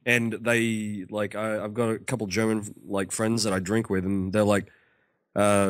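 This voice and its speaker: A man's voice: lowish voice, flat delivery, moderate pace, a bit bright, dry recording, clean studio sound. A man co-hosting a casual podcast, telling stories in an easygoing, sweary way. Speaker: podcast co-host.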